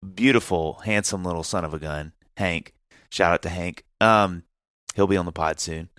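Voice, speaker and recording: A man's voice: sits low, normal speed, a bit bright, smooth, dry recording, studio quality. A man co-hosting a podcast in casual chat, exuberant, rambling and poking fun at himself. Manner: exuberant, rambling and self-mocking. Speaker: podcast co-host.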